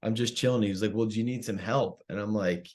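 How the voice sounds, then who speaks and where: A man telling a profane, animated story in casual chat and acting out what people said. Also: lowish voice, fast talker. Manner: animated, profane, acts out quotes. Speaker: comedian guest.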